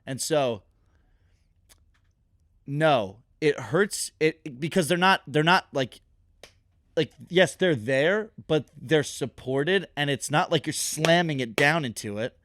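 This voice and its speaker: A young man chatting casually as a podcast co-host, telling animated stories and laughing often. His voice sits a little high for a man. The sound is dry and close, with no room around it. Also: slow, no room sound. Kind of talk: casual chat.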